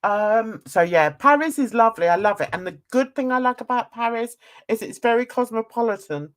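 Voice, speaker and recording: A woman's voice: on the high side, lively intonation, fairly quick. A middle-aged English woman, an artist hosting a casual video chat, rambling and laughing often. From England. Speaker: artist and channel host.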